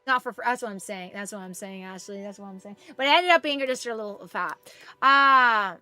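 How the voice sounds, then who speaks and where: Woman, Canadian, live-streamer, chatty, sharp bright tone, dry close sound. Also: medium pitch, brisk, dry recording, faint music behind. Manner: chatty, greets viewers, baby talk to her pet. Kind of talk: casual live-stream chat.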